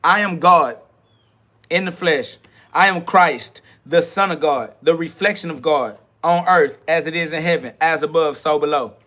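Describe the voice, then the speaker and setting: A man's voice: a little high, normal speed, pushed and bright. A man hosting a livestream podcast, ranting in a confrontational, profane and preachy way. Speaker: podcast host. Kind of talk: livestream self-talk rant.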